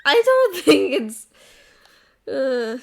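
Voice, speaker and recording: A high-voiced woman with an American accent trades casual banter as a co-host. She laughs easily and swears freely, pushing back playfully whenever she's teased. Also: very animated, very slow, vocal fry, a crowd in the background.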